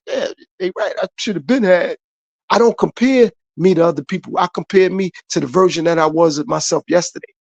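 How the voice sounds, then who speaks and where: A man's voice: fairly high pitch, vocal fry, dry recording. A man hosting his own podcast, giving a repetitive motivational monologue straight to his viewers. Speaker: podcast host.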